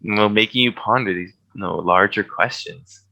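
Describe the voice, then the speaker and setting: Bright-toned teasing podcast co-host man. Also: lowish voice, vocal fry, dry recording, poor audio. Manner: teasing, quick to laugh. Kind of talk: casual chat.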